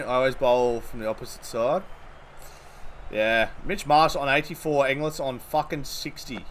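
A young man streaming a cricket video game live, commentating excitedly, swearing and thanking followers. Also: on the high side, normal speed, background noise.

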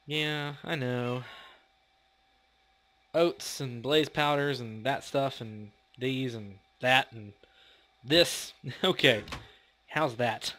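A man's voice: mid-range voice, very slow, long pauses, a bit bright. A man hosting a casual gameplay commentary, playful and chatty, laughing often and talking to the creatures in his game. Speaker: gaming channel host.

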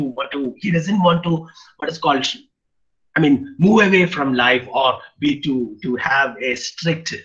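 A man's voice: fairly high pitch, fairly bright tone, lo-fi sound. A man giving an online lecture on poetry, often restarting and repeating phrases as he explains. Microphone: video call.

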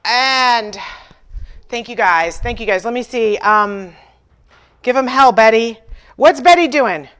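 Taking it slowly and pausing often, a woman with a fairly high, bright voice and lively intonation hosts a casual furniture painting livestream. She chats with viewers, tells stories with acted-out dialogue, and uses self-deprecating humor.

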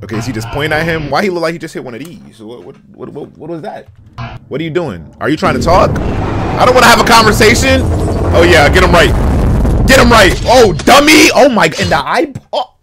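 A young man calls out reactions to a video, hyped and loud with slang. His voice sits a bit high and jumps all over the place. Loud music plays behind him. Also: big pitch swings, a little fast. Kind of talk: excited reaction commentary.

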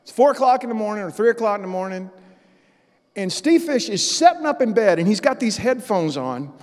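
A man preaching a sermon as pastor, telling an animated story in a church. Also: sits high, brisk, big-room sound. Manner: storytelling, animated and loud in acted-out parts. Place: church sanctuary.

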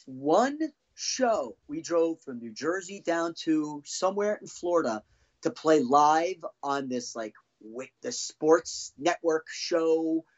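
A man's voice: on the high side, expressive, takes it slowly. Middle-aged guy ranting thru old band stories, swears a lot, muffled lo-fi sound. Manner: profane, heated and rambling. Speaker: podcast guest, former band drummer. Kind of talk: casual storytelling.

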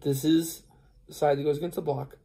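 Gravelly, dark-voiced tired trucker. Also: male voice, a little high, steady tone, brisk. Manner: rambling, retells dialogue, many fillers. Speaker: truck driver vlogger. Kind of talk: casual storytelling vlog.

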